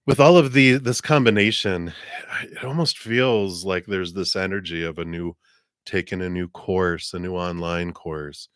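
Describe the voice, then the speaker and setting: A man giving tarot readings on a livestream in an upbeat, chatty way, clearing his throat now and then. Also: sits low, fairly bright tone, no room sound, clean studio sound. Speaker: tarot reader.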